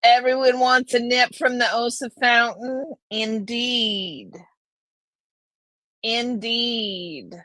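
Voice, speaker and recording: A woman's voice: on the high side, fairly even intonation, slow, few pauses, a bit bright, no room sound. A woman hosting a casual live stream, chatting with viewers and reading their names aloud. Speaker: livestream host.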